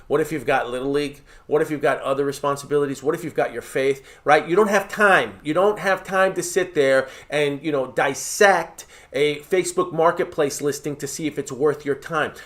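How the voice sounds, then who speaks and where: A man's voice: a little high, moderate pace, hardly any pauses, a bit bright. A man giving direct, emphatic coaching advice as a real estate mentor, often checking in with "right?" and "okay?". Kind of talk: coaching talk to camera.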